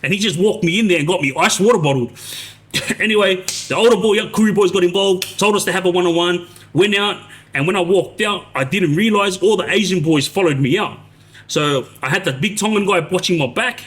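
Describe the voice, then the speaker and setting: Man in his forties, live-stream storyteller, rambly, a touch high-pitched. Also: fairly quick, fairly bright tone. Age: 40s. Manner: rambling, restarts, frequent tag "yeah?". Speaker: live streamer recounting prison life.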